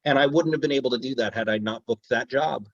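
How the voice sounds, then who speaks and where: Husky-voiced man telling voice acting stories. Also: mid-range voice, quick pace, dry recording, highs cut off. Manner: enthusiastic, storytelling, drops into character voices. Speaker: voice actor guest. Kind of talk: casual interview chat.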